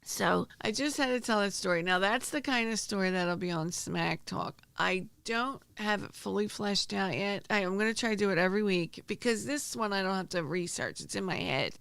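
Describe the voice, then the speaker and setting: A woman, hosting a true crime podcast and telling stories in an animated, rambling way with many restarts. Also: mid-range voice, normal speed, creaky, hardly any pauses, smooth, dry recording. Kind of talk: casual storytelling.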